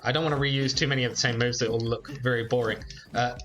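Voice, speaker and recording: Man YouTuber, casual game commentary, bright forceful voice, lots of fillers. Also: medium pitch, quick pace, soft background music. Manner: chatty, relaxed, frequent fillers. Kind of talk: let's play commentary.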